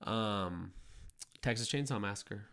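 Young guy cohosting a podcast, kinda raspy fry in his voice, laughs a bunch. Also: on the low side, slow pace. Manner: laughs often, chatty and excitable. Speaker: podcast co-host. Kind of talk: casual podcast chat.

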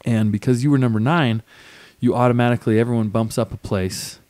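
A man telling a story on a podcast, lively and laughing often, acting out what people said to him. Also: mid-range voice, fairly quick, dry recording. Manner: animated, laughs often, acts out quotes. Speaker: podcast guest, auctioneer and trucker. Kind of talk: casual storytelling.

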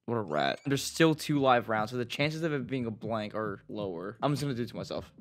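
A man's voice: medium pitch, expressive, a little fast, music in the background. A young man giving gameplay commentary, swinging between nervous muttering and frustrated outbursts. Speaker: gaming YouTuber.

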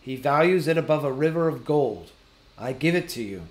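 A man voicing a small, fussy, businesslike male hobbit in an audiobook, prim and a little squeaky. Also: expressive, moderate pace, close to an everyday voice. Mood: earnest. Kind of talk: audiobook character reading.

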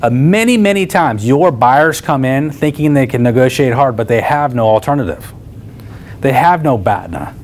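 An American man in the middle pitch range coaches real estate agents, explaining terms and then telling stories from the job. He acts out each side of the conversations as he goes, and a faint low rumble sits behind his voice. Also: normal speed. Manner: animated, acts out both sides of dialogues. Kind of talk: teaching with retold stories.

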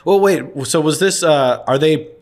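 A man co-hosting a comedy podcast, trading quick jokey reactions and spinning absurd hypotheticals. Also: a little high, darkish tone. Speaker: podcast co-host. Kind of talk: casual comedy podcast chat.

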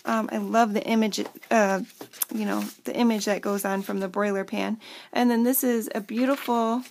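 Her mid-range voice is gravelly and a little mellow, with fairly even intonation, normal speed and a faint hiss or hum in the audio. She's a woman in her thirties showing a handmade journal at home, chatty and filler-heavy, talking to kids off camera.

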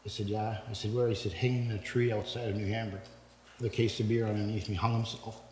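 A man's voice: fairly low pitch, level tone, fast, a little mellow, slight background noise. An older man from Canada giving his testimony at a men's breakfast. He tells rambling stories, acts out what people said, laughs along and builds up into preaching. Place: church hall. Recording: echoey church hall, long reverb.

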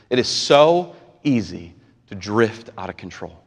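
Impassioned pastor in a reverberant church. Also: male voice, on the low side, very animated, unhurried. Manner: impassioned, swings between quiet and near-shouting. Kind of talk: live sermon. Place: church sanctuary. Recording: long reverb of a large church hall.

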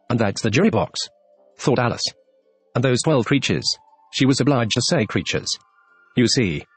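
Lively male audiobook narrator, husky tone. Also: medium pitch, no echo. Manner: lively storytelling delivery. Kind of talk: scripted narration.

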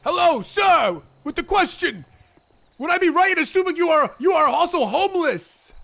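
A loud, crude politician, played by a man in a game role-play, barking blunt orders at the crowd. The voice sits very high and sharp, with a gravelly rasp that runs under every shout. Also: big pitch swings, moderate pace, full character voice. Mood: brash.

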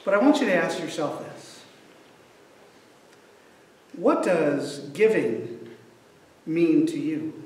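A man's voice: on the high side, sing-song, slow pace, long pauses, a little mellow. A male pastor delivering a sermon, telling a story with acted voices, in an echoey church, heard from far off.

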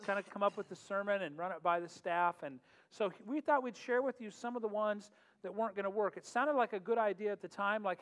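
Middle-aged man, pastor host, high-pitched, casual and joking, echoey church with faint music. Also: brisk, a bit bright. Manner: joking, chatty, laughs often. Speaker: pastor hosting a worship night. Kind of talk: casual humorous talk and prayer. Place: church sanctuary. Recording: long hall reverb, faint music.

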